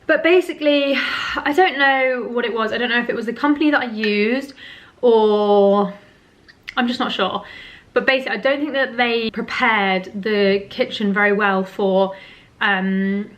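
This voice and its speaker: A woman's voice: fairly high pitch, fairly even intonation, a little slow, a bit bright, highs cut off. A young British woman chatting casually to the camera in her home, rambling with lots of ums and likes and frequent little laughs. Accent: British English. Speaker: vlogger.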